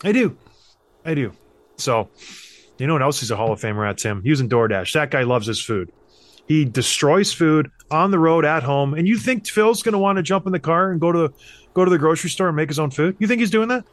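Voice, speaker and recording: A man with a slightly high voice tells a story in a relaxed podcast chat. He is animated and acts out the people he quotes, jumping up and down in pitch. He sounds like a man in his thirties. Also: a little fast, no echo. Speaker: podcast host, former hockey player.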